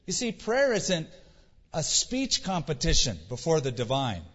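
A man's voice: fairly high pitch, huge pitch swings, measured pace, fairly bright tone. A man preaching a sermon in a casual, conversational way, acting out quotes with mock voices. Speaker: pastor. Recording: dull sound with long hall reverb.

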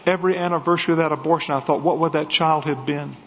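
A man's voice: fairly high pitch, steady tone, fast, in a large hall, dull audio, a little hiss or hum, natural voice. A man preacher voicing a remorseful woman asking whether God will forgive her. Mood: anguished. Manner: pleading confession.

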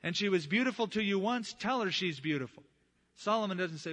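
A middle-aged man, a pastor, preaching a sermon in a conversational, animated storytelling way. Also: high voice, a little fast.

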